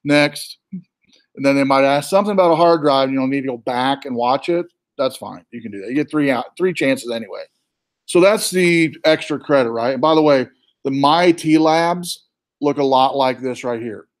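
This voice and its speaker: Male instructor with a Southern accent, mid-pitched, relaxed and chatty, talking students through a course site on screen. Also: normal speed. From born in New York, raised in the US South. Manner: relaxed and chatty, with fillers and asides. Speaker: college instructor. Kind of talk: casual screen-share walkthrough.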